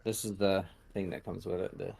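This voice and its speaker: A man hosting a podcast, casually showing tarot decks in a rambling, hesitant way with many pauses and fillers. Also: low voice, little pitch movement, vocal fry, a little mellow, husky. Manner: rambling, hesitant, lots of ums. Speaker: podcast host reading tarot. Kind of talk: casual chat.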